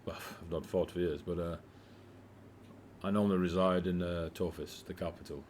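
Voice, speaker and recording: A man voicing a gruff middle-aged male dwarf warrior, blunt and hesitant, with filler words. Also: low-pitched, steady tone, normal speed, a little mellow, slight background noise, lightly acted.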